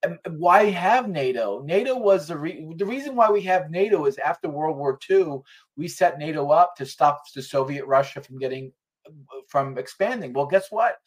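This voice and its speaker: A man's voice: on the high side, lively intonation, moderate pace. A man talking as a guest on a casual political chat, ranting heatedly with restarts and swearing.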